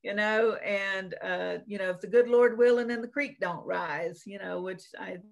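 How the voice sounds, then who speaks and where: A woman's voice: medium pitch, moderate pace, creaky. Folksy woman co-host. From Virginia / North Carolina. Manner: folksy storytelling with many fillers. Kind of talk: casual chat.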